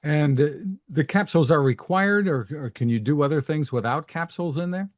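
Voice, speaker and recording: A man hosting a tech show, asking brisk, upbeat questions. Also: a little high, no room sound, studio quality. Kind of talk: interview hosting.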